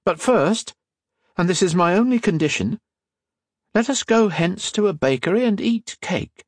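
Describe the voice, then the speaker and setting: A man voicing a bold, sharp-tongued young woman, talking in a quick, scolding, teasing way. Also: high-pitched, expressive, dry recording, clean studio sound, pitched above the performer's own voice. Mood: playful.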